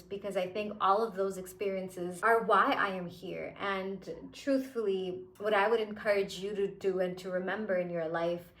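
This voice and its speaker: A woman's voice: medium pitch, a bit bright. Earnest young woman in an echoey room. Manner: earnest and emphatic, heavy use of "like" and "you know". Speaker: manifestation coach. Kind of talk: casual motivational monologue.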